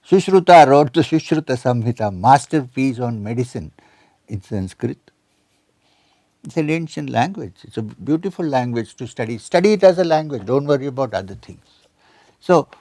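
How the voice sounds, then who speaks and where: A man's voice: medium pitch, warm tone, no echo. A man in his seventies giving a spiritual lecture, quoting scripture and Sanskrit and asking his listeners questions. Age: 70s. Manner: quotes scripture and Sanskrit, asks the audience questions.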